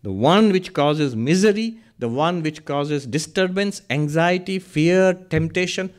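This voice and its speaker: A man giving a spiritual discourse, earnest and lively, asking questions and answering them himself. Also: on the high side, measured pace. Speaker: Vedanta teacher.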